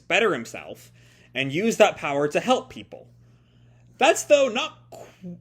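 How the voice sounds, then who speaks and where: A man hosts a casual live reaction to a comic, thinking aloud as he goes. He often rephrases and doubles back mid-sentence, in a fairly high voice with a lively, swinging pitch. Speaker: host.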